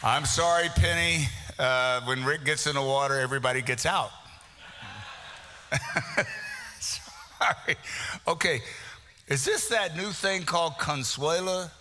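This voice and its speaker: This raffle emcee has a voice on the high side, and he speaks slowly, leaving long pauses while background noise carries on. He teases the audience and reads out names at a live prize draw in a meeting hall with a long, cavernous reverb.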